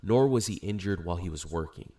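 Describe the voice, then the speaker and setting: A man giving scripted narration in a measured, matter-of-fact way. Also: low voice, expressive, warm tone. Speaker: narrator of an investigation video.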